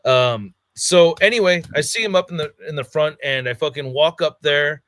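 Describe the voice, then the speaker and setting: A man's voice: fairly high pitch, moderate pace, a bit bright, no echo. A man on a podcast, telling a heated story in casual chat, swearing a lot and acting out what people said. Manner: heated storytelling, heavy swearing, acts out quotes. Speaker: podcast co-host.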